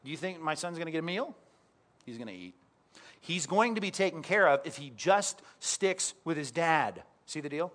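A man's voice: a little high, lively intonation, moderate pace, pushed and bright. A middle-aged man preaching a sermon as a pastor, conversational and story-driven, often putting direct questions to his listeners.

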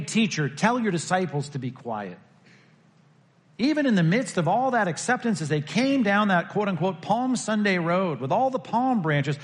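The sermon comes from a man whose voice leans high, and he chats with the congregation as he preaches. His delivery climbs to emphatic peaks, then softens into hushed lines.

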